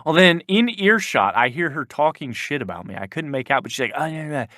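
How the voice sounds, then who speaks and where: A man's voice: medium pitch, sing-song, fairly quick, sharp tone, no echo, clean studio sound. A young man co-hosting a podcast, telling a work story in casual chat with lots of restarts and fillers. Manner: rambling, many restarts, quotes people in put-on voices. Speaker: podcast co-host.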